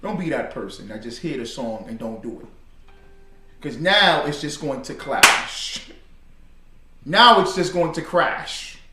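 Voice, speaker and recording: A man leads a religious class in loose, slangy speech, tossing questions to the room and waiting for answers. His voice sits fairly high and swings lively up and down. He is picked up from a distance in an echoey room. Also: a little slow, very noisy. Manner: call-and-response, slangy and conversational. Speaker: class teacher. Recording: roomy room, distant mic.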